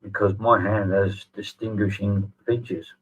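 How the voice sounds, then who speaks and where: A man's voice: lowish voice, flat delivery, a little slow, slightly rough. A middle-aged man, hosting a sarcastic response video, sneering and swearing freely. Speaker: channel host. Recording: tinny phone-like audio.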